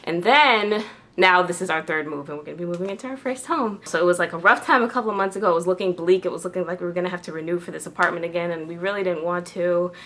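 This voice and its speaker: A chatty woman talking to camera in a loose vlog style, leaning on fillers as she goes. Her voice sits on the lower side but has a bright, forward edge. She sounds like she is talking straight to her viewers. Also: quick pace. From New York. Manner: chatty, lots of "like" and "um". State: tearful with joy. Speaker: beauty vlogger. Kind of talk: casual chat to camera.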